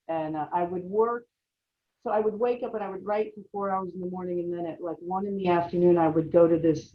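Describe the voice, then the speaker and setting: A woman on a writing faculty panel, answering a question in an animated, talkative, self-deprecating way over a video call. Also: medium pitch. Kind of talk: casual panel discussion. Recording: slightly muffled audio.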